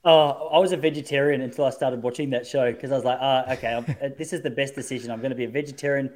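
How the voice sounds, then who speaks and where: A man's voice: medium pitch, steady tone, fast talker, a little mellow. A man, hosting a casual chat and telling self-mocking stories. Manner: chatty storyteller, self-mocking.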